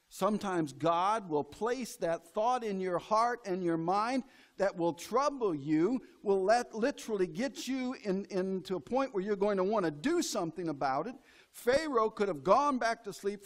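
A middle-aged man preaching a sermon in a church, folksy and acting out the voices he quotes. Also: high voice. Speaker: pastor.

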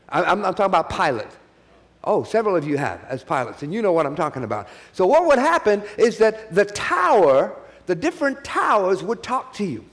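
A man preaching a sermon at a church conference, repeating key phrases and calling for the audience to answer back. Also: high voice.

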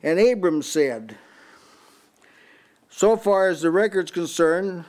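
A man's voice: high-pitched, expressive, slow pace, a little mellow. Older man preaching a house-church sermon. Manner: repeats words as he restarts, reads and compares many translations. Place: small house church meeting.

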